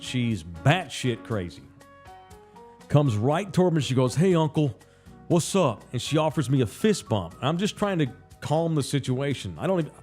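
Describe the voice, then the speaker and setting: Animated storytelling man with swooping pitch. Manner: acts out other people's lines in a shifting voice; profane and emphatic. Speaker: podcast host.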